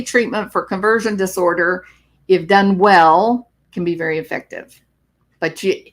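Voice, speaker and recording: A woman's voice: fairly low pitch, fairly bright tone. A woman psychologist talking on a live stream, explaining clinical topics and answering viewer comments.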